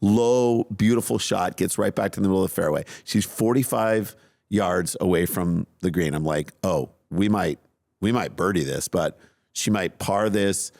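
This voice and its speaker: A man with a low voice tells a story on a podcast, animated and quick to poke fun at himself. The sound is dry and close, with no room echo. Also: creaky. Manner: animated, self-mocking storytelling. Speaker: podcast co-host. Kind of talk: casual storytelling chat.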